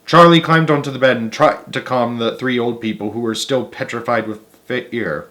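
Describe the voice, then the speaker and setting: Casting: young man narrating a classic children's storybook, steady and expressive. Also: mid-range voice, moderate pace. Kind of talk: children's book read-aloud.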